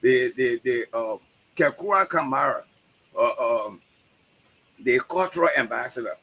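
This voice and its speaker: Husky Liberian man, restarts his words. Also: medium pitch, unhurried, rough recording. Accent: Liberian English. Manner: animated, repeats words while building his point. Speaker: guest educator. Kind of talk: conversational interview.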